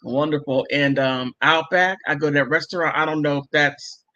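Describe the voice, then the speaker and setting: A woman's voice: deep voice, steady tone, moderate pace, sharp tone. A middle-aged woman hosting a casual livestream, chatting emphatically with viewers and laughing often. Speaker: livestream host reading viewer comments. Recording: muffled lo-fi stream audio.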